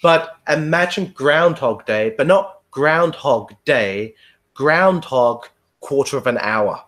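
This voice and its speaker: A man's voice: medium pitch, lively intonation, takes it slowly, fairly bright tone. A man in casual podcast chat, telling a long rambling story, swearing freely and laughing often. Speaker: podcast guest.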